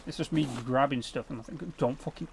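A man's voice: medium pitch, fairly quick, noisy background. A young man hosting a gaming channel, chatting casually and swearing freely at the viewers and in-game creatures. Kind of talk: casual let's-play commentary.

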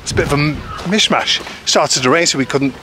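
A man's voice: fairly high pitch, fast, pushed and bright. A man chatting to camera in a casual, rambling, self-deprecating way, with lots of ums, as an expat vlogger. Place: outdoors in a village. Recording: outdoor noise with passing traffic.

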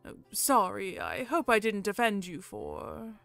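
A proud, scheming peacock, as a woman plays him spins a tale in a haughty voice, lifted a little in pitch and volume. Faint music hums behind him. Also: measured pace, creaky, a bit bright. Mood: explaining.

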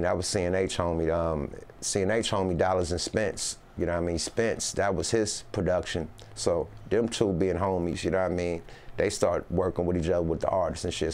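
A man's voice: deep voice, a little mellow, clean tone. A man being interviewed as a rapper, talking in a loose, rambling way with Northern California slang and constant "you know what I mean". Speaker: rapper guest. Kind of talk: casual interview chat.

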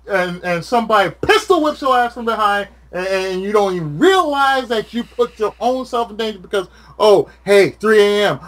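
A man chatting casually with a friend, ranting with lots of swearing. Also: sits high. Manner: profane, ranting, animated. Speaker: channel host.

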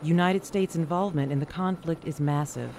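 A narrator reading a scripted documentary in an even, measured way. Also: mid-range voice, background noise. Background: music.

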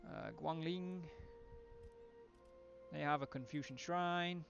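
A man's voice: a little high, fairly even intonation, slow, creaky, fairly bright tone, muffled recording, faint music behind. A man thinking aloud with wry asides as he streams a strategy game live.

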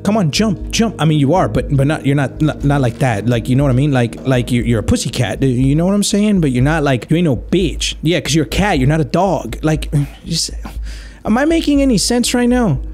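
A man's voice: a little high, very animated, fairly quick, a little mellow, soft background music. A young man doing casual gameplay commentary, joking around and dropping Spanish words. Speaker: gaming YouTuber.

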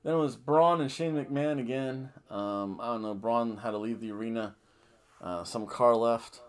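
A man's voice: mid-range voice, moderate pace, clear, resonant tone. A man hosting a wrestling podcast, recapping a show in a rambling, self-correcting way with jokey asides.

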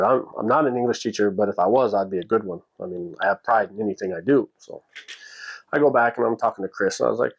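A man casually telling a personal story on his podcast, plainspoken and animated, acting out the people he talks about. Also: mid-range voice, quick pace. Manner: plainspoken, with frequent restarts and "you know".

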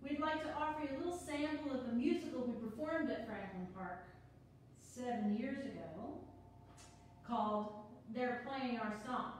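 A woman performer introducing a show, reading her lines briskly and cheerfully. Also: fairly high pitch, a little mellow, a little hiss or hum. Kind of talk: scripted introduction. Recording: echoey room, far from the mic.

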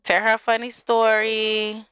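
A woman's voice: fairly high pitch, completely flat delivery, unhurried, fairly bright tone. A young woman casually narrating her life-simulation game, chatty and sassy, speaking straight to viewers. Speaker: gaming video host.

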